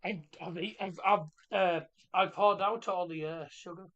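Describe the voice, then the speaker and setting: Bright chatty man, streaming. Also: high voice, steady tone, moderate pace, dull audio. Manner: chatty, rambling, jokey, reacts loudly to play. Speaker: livestream host. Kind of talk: casual match watchalong chat.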